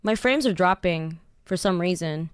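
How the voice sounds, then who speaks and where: A woman's voice: on the low side, expressive, normal speed, smooth, dry recording, clean studio sound. A woman streamer chatting casually with her viewers, slightly nasal today, laughing often and trailing off with fillers. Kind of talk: casual livestream chat.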